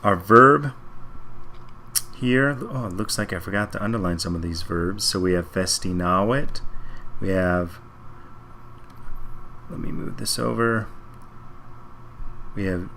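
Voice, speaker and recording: A man's voice: sits low, unhurried, creaky, pauses often, pushed and bright, a little hiss or hum. A man teaching Latin, working through a reading passage sentence by sentence and thinking aloud in a methodical way. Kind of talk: slow step-by-step translation walkthrough.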